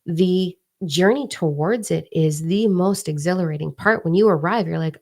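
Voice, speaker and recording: A woman in her forties with a low, gravelly voice reads out a weekly energy forecast live. Her talk is casual and emphatic, and she hammers her main phrases again and again. The voice sits deep, with a fry at the bottom. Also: moderate pace, hardly any pauses, a little mellow. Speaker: spiritual reader.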